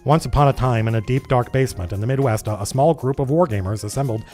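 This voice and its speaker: A man doing an impression of an older male wargame pioneer, narrating slowly like a storybook. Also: mid-range voice, a little mellow, faint music behind, natural voice. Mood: storytelling.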